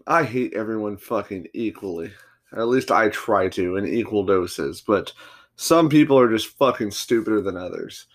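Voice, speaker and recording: A man hosting a solo podcast, telling stories in a rambling, profanity-filled, combative rant. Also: lowish voice. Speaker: podcast host.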